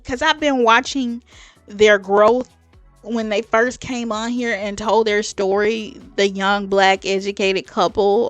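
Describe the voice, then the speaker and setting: A woman's voice: mid-range voice, no echo. A woman hosting a reaction video, talking chattily and emphatically, repeating "okay?" and calling her viewers "baby". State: tearing up. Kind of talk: casual reaction commentary.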